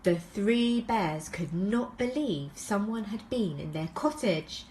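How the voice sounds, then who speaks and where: A woman reading a picture book aloud to preschool children, slow and expressive. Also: medium pitch, slight background noise. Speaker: storyteller for preschoolers.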